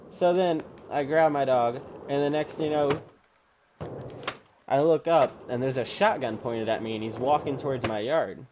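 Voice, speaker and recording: A young man casually telling a story, animated and profane, acting out the lines of the people in it. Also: mid-range voice, normal speed, noisy background. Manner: casual, profane, animated retelling with quoted dialogue.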